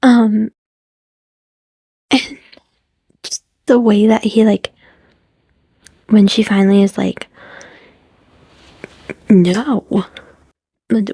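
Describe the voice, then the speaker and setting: Slow, gravelly-voiced woman gushing softly. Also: medium pitch, dry recording. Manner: gushing, often drops into whispers, acts out quotes. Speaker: vlogger. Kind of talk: casual movie recap.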